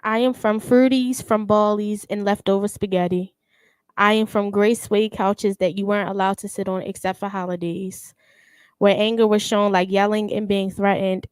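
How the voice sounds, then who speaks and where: A young woman reading her own spoken word poem in an even, controlled recitation. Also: mid-range voice, normal speed, smooth, no room sound. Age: young adult.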